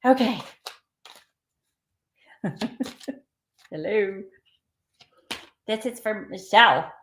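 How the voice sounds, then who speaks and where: A woman's voice: mid-range voice, lively intonation, normal speed, fairly bright tone, roomy sound, a little hiss or hum. A woman hosting a live card reading, chatting and encouraging viewers by name. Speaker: tarot reader and live stream host.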